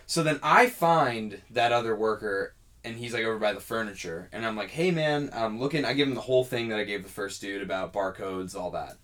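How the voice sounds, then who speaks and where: A man's voice: lowish voice, fairly quick. A man co-hosting a podcast, casually telling a long story and acting out the other people's lines. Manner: animated storyteller acting out dialogue. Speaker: podcast co-host.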